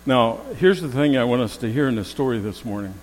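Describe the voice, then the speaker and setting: A man preaches in a church sanctuary, and his voice trails off in the long reverb of the hall. He tells stories and acts out what people said, leaning hard into repeated phrases. His pitch sits in an ordinary middle range. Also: fairly quick, slight background noise. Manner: storytelling, acts out quoted voices, rising emphasis on repeated phrases. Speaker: pastor. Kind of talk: sermon.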